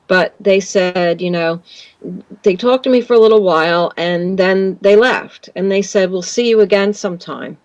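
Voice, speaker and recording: A woman's voice: medium pitch, moderate pace, darkish tone, no room sound, highs cut off. A woman guest telling a long personal story in an interview, rambling with fillers and restarts.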